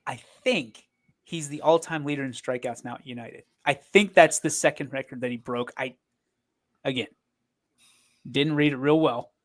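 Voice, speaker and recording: A man's voice: mid-range voice, normal speed. A man co-hosting a sports show, bantering casually, rambling and teasing his partner. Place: streaming studio.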